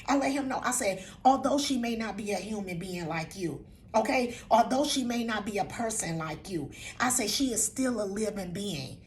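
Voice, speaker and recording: A woman's voice: fairly high pitch, a little fast, a little hiss or hum. An older woman, a vlog host, talking casually to the camera, repeating herself and often asking "you know what I'm saying?", with laughs mixed in. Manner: emotional, laughs while talking.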